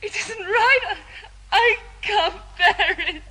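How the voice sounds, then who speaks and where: A woman's voice: very high-pitched, takes it slowly, sharp tone, heavily acted. An actress playing a terrified young woman imprisoned, tearful and pleading, breaking into defiant cries. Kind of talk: radio drama acting.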